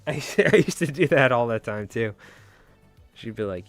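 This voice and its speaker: A man's voice: mid-range voice, animated, normal speed, no room sound, soft background music. A man hosting a casual fly-tying livestream, rambling and joking with some swearing.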